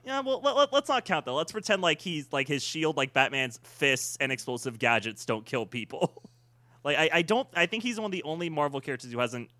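A man co-hosting a casual podcast, his voice bright and forward. He talks in quick, opinionated bursts and laughs often. The sound is dry and close, with no room around it. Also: fairly high pitch, expressive, dry recording. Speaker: podcast co-host. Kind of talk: casual chat.

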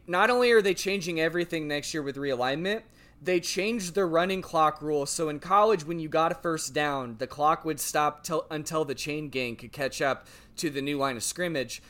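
A man co-hosting a sports podcast, telling stories in an animated, rambling, casual way. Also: a little high. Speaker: podcast co-host.

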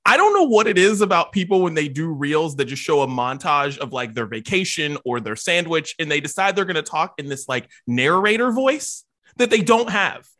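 Bright-voiced man ranting. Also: on the high side, big pitch swings, normal speed. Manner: exasperated ranting, laughs often. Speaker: podcast host. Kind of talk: casual chat.

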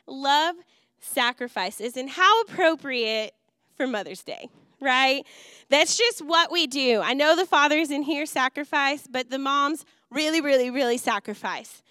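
A woman pastor preaching in a church, telling her story with lively energy and acted-out quotes. Her voice is high and bright, smooth and clear. The sound is dry and close. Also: measured pace, dry recording. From Wisconsin. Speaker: youth and missions pastor. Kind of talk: sermon. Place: church auditorium.

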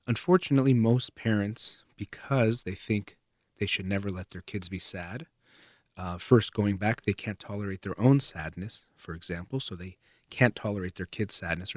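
A man giving a calm, measured, earnest talk about how parents handle their children's feelings. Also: sits low, no echo, studio quality. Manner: calm, measured, earnest, trailing off softer at phrase ends. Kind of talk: explanatory talk to camera.

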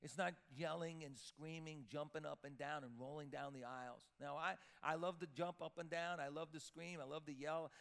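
Emphatic preaching man, bright voice. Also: fairly high pitch, steady tone, moderate pace, creaky, hardly any pauses, clean tone. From Sicilian-Italian heritage. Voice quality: emphatic, repeats words while building up. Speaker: pastor. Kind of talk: sermon. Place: church sanctuary with long reverb. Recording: reverberant church hall.

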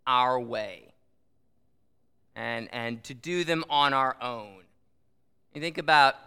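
A man delivers a sermon at a slow, easy pace, and his bright, smooth voice rings out in a hall with a long reverb. He talks conversationally, full of asides and rhetorical questions. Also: medium pitch. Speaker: pastor.

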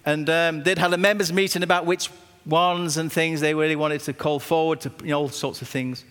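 A man, a pastor preaching a sermon with stories and emphatic repetition, slowing down when he quotes scripture. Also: on the high side, fairly even intonation, a bit bright, clean tone. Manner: anecdotal, emphatic, slows down on scripture. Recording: long reverb of a hall.

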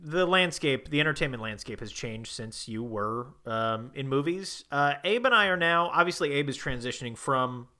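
A man's voice: mid-range voice, expressive, moderate pace, few pauses, sharp tone, clean tone. A man doing comedic improv chat, telling rambling stories full of fillers.

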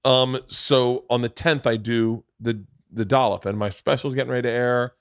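A man's voice: mid-range voice, steady tone, normal speed, smooth, dry recording, studio quality. A man hosting a podcast, telling a long rambling story in casual chat, swearing freely. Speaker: podcast host.

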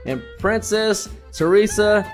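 Loud joking podcast guy, swings his voice all over, bit of music under him. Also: sits high, lively intonation, takes it slowly. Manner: brash, profane, mock-grand storytelling. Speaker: podcast co-host. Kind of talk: comedic sports betting podcast banter.

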